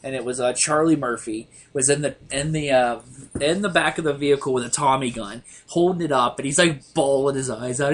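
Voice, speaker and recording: A man with a slightly high voice chats casually as a podcast host. He tells stories with animated energy and plenty of swearing. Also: a little fast, a little hiss or hum. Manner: animated, profane storyteller. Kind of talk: casual chat.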